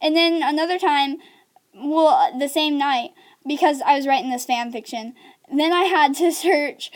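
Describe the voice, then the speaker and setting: Young woman, high-pitched, casual rambling vlog delivery with giggles and fillers. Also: takes it slowly. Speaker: video creator giving writing tips. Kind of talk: casual chat to camera.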